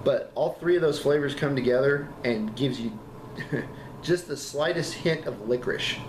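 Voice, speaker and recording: A man with a mid-range voice reviews vape juice casually, speaking in halting, enthusiastic bursts, repeating words, and coughing now and then from a lingering cough. The room is echoey, with background noise.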